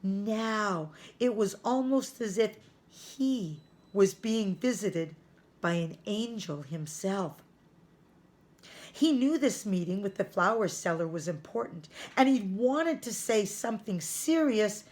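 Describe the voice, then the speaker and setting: A woman teacher reading a chapter book aloud to children, careful and clear. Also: mid-range voice, lively intonation, a little mellow. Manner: slow, careful read-aloud.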